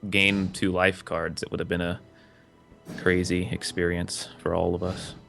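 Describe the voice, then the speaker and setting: Young male player, lowish gravelly voice, easygoing and quick to laugh. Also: soft background music. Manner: laughs easily, relaxed joking. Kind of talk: casual game chat.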